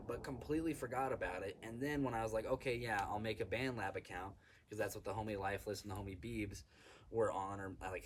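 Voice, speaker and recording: A man with a fairly low voice talks loosely and excitedly, cursing freely as he rambles through stories. He sounds like a casual podcast host recorded outside, with a faint ambient hum in the background. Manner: excitable, swears a lot, rambling. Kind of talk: casual chat. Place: outdoors in the sun.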